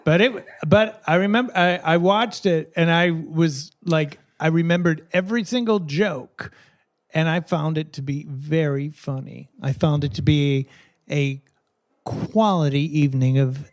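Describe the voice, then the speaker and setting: Male podcast co-host, fairly high voice, dry mock-formal delivery. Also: measured pace. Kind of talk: casual chat.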